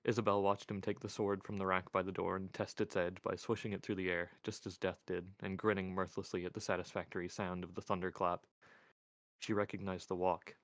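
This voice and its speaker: A man reading a novel aloud in a measured, even storytelling voice on a close microphone. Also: deep voice, dry recording. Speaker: reader. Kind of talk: audiobook narration.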